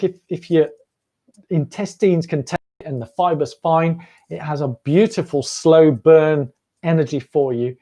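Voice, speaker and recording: A man's voice: fairly high pitch, dark tone. A man hosting a running livestream, rambling and chatty with frequent laughs. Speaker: running channel host. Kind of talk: casual livestream chat.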